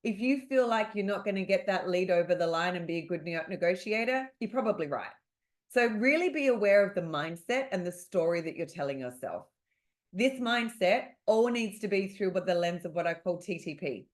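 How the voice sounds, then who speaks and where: A woman's voice: on the low side, moderate pace. A woman with an Australian accent, a sales coach teaching on a video-call webinar in an emphatic, motivational way. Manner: energetic, motivational, emphatic repetition. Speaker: real estate sales coach.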